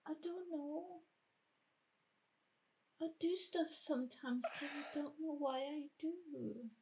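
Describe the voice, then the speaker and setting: A woman voicing a flighty, remorseful female vampire who talks in a high, tearful, apologetic way. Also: lively intonation, moderate pace, vocal fry, exaggerated voice, low-quality recording. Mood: bewildered.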